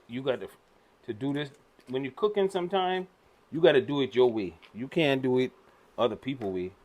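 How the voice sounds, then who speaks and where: A middle-aged man, casually teaching how to cook in a folksy, laid-back way. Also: medium pitch. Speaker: home cook, father. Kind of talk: casual cooking instruction.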